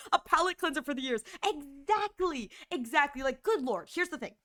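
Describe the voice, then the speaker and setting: A woman's voice: sits high, lively intonation, moderate pace, sharp tone. A woman streamer chatting casually on a livestream, rambling with lots of fillers and acting out her own reactions in quoted asides.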